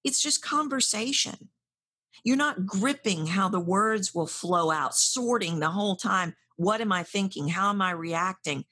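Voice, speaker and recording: A woman voice coach speaking directly to the listener, animated, acting out her clients' anxious inner voices. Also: mid-range voice, measured pace, breathy edge. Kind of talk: direct-address coaching talk.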